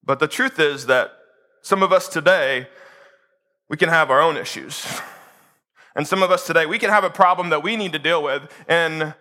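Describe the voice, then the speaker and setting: A man preaching a sermon as pastor, telling the story in an animated, humorous way. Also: on the high side, normal speed, pauses often.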